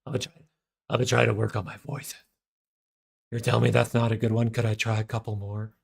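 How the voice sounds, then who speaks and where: A man putting on a gruff parody Batman voice, dragging out his words in an exaggerated growl. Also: fairly low pitch, little pitch movement, brisk. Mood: mock hurt. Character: gravel-voiced parody Batman, gruff brooding male hero.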